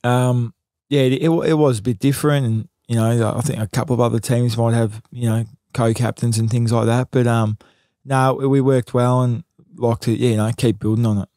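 A man's voice: medium pitch, little pitch movement, moderate pace, dark tone, no echo, clean studio sound. An Australian man, a football player, answering in a laid-back, hesitant way with many fillers. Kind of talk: casual interview chat.

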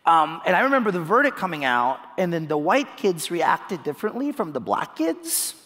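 A man from the Philippines in his thirties, talking in an onstage interview, animated, laughing often and repeating words as he restarts. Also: on the high side, normal speed. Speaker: guest speaker. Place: large hall on stage. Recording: hall reverb.

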